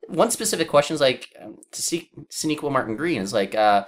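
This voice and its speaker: Animated opinionated man, lively pitch. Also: brisk, few pauses. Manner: animated, opinionated, frequent fillers. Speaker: podcast co-host. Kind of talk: casual discussion.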